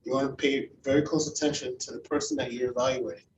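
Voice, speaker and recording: A man's voice: medium pitch, little pitch movement, quick pace, background noise. A man teaching a club audience how to give speech feedback, in a conversational, encouraging way and asking the audience questions. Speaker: club speaker teaching evaluation. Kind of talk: instructional talk to a club audience. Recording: echoey room, heard from a distance.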